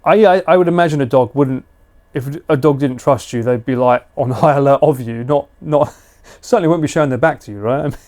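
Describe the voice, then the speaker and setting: A man's voice: medium pitch, brisk, a little mellow. A British man chatting casually and slangily with viewers on a live stream. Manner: chatty, laid-back, slangy.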